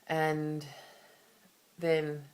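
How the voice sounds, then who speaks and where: A woman's voice: low-pitched, monotone, extremely slow, a little mellow. A woman with an Australian accent talking to camera in a personal vlog, candid and rambling, with many restarts and asides. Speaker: vlogger.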